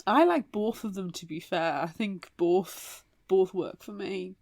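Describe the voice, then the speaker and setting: Podcast co-host, woman, mid-pitch, measured and thoughtful, dry close mic. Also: a little mellow, dry recording. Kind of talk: casual book-club chat.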